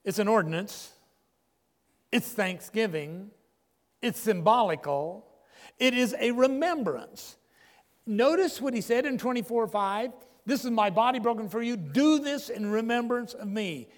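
Older preacher with a lively high voice. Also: male voice. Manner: emphatic preaching with dramatic pauses. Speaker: pastor. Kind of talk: sermon. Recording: long echo of a large hall.

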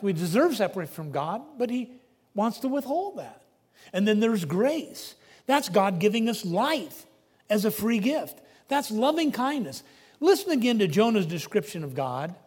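Male preacher, sermon, high husky voice, emphatic, long hall reverb. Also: big pitch swings, measured pace, long pauses. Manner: emphatic, dramatic swings between loud and hushed.

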